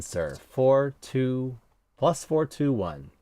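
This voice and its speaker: A man's voice: mid-range voice, lively intonation, normal speed, loud music behind the voice. An American man teaching cello in a live online lesson, encouraging and hands-on as he counts out cues.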